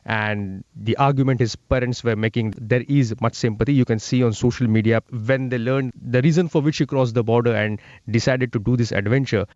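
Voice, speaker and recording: A man, a correspondent interviewed remotely, explaining events steadily with frequent pauses and fillers. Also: mid-range voice, steady tone, a little mellow, no echo, dull audio. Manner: explanatory, fillers between phrases. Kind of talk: news interview.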